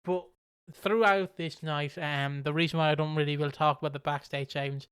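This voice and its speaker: A man co-hosting a casual podcast, his voice pitched a little high with a smooth, clean tone. He rambles through recaps with plenty of swearing. The sound is dry and close, with no room echo. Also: steady tone, normal speed, fairly bright tone. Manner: rambling, swears, acts out quotes. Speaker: podcast co-host. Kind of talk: casual chat reviewing wrestling.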